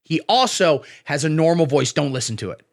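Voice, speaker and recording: A man hosting a scripted satirical monologue, sarcastic and deadpan, breaking into profane rants. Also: fairly high pitch, fairly quick, vocal fry. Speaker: satirical commentary host.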